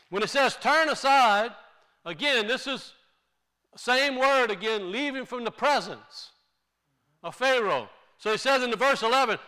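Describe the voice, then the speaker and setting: Male preacher, high clear voice, slow deliberate sermon delivery. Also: lively intonation, pushed and bright. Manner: slow, deliberate teaching with emphatic rises.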